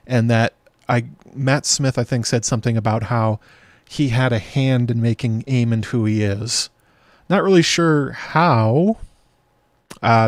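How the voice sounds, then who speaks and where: A man hosting a casual show breakdown, talking it through out loud with fillers and restarts as he reads comments from a live chat. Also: medium pitch, no room sound. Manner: chatty, thinking aloud with fillers and restarts. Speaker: show host.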